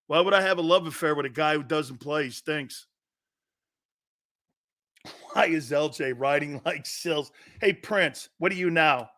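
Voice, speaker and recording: A man's voice: on the high side, a little slow, long pauses, pushed and bright. A middle-aged man hosting a sports talk stream, joking and swearing as he reads viewer comments aloud. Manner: brash, joking, profane banter with chat. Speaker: sports talk show host.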